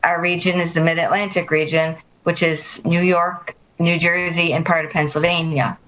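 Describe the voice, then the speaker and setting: A woman's voice: on the low side, level tone, normal speed, fairly bright tone, low-quality recording. A woman guest on a local TV interview, explaining things in a friendly, casual way. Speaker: guest, dance school representative.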